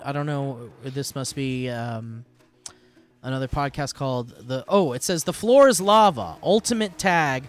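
A young man with a medium-pitched, unhurried voice hosts a podcast. He reads the sponsor ads in a goofy, jokey way, rambling and playful throughout.

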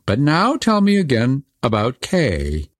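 A man voicing a fierce, bossy little robber girl who speaks in a brisk, commanding way. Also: medium pitch, huge pitch swings, no room sound, studio quality, pitched above the performer's own voice.

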